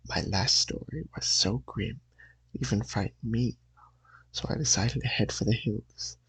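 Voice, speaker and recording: A man doing a raspy gloating horror host. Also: on the low side, normal speed, fairly bright tone, dry recording, exaggerated voice. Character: cackling spooky male comic host.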